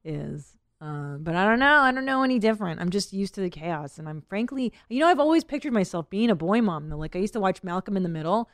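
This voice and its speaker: A woman's voice: medium pitch, expressive, fast talker, hardly any pauses, dry recording, studio quality. A woman in her thirties hosting a podcast, chatting candidly, laughing often and rambling with fillers. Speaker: podcast host. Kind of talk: casual podcast chat.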